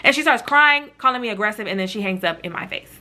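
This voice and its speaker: A woman telling a story in a casual vlog, animated and chatty, talking straight to her viewers. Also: medium pitch, fast. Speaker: vlogger.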